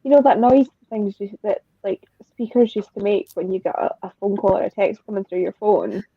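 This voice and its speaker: Husky woman on a dull, dry line. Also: mid-range voice, fairly quick, no room sound. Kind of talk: casual chat.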